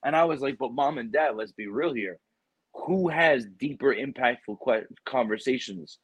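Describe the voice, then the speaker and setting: A man, a military recruiter, chatting casually and telling rambling, animated stories full of quoted dialogue and swearing. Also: medium pitch, moderate pace, husky, dry recording. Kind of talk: casual chat.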